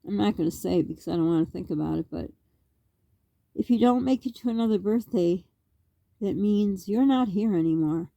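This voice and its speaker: A woman's voice: medium pitch, fairly quick, gravelly, dark tone, no echo. A middle-aged woman from Canada talking straight to camera in a rambling, worked-up vlog monologue, full of rhetorical questions. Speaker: vlogger.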